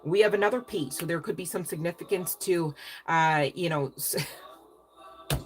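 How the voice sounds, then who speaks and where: A woman's voice: lowish voice, normal speed, faint music behind. A woman doing a casual tarot reading to camera, rambling, chatty and emotional, with some casual swearing. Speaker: tarot reader.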